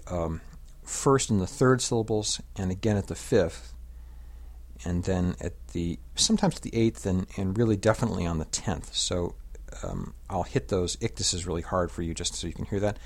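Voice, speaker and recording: A man with a lowish voice gives a spoken lesson on meter. He explains in an easy, unhurried manner, with the odd filler. When he turns to the verse, he slows right down and leans hard on the stressed beats. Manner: explains, then recites slowly and stresses the beat. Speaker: classics teacher. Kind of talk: spoken lecture with slow recitation of verse.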